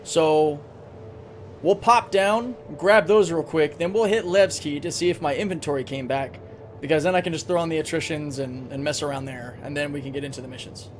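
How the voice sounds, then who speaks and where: A man's voice: on the high side, a little fast, faint music behind. A man live-streaming a game, chatting casually, thinking aloud and answering chat, with a recurring cough.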